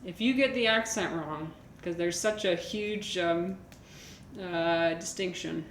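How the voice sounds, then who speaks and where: A female streamer chats casually with her viewers, rambling along with lots of fillers and restarts. Her voice is lowish and slow, captured in an echoey room with faint background noise.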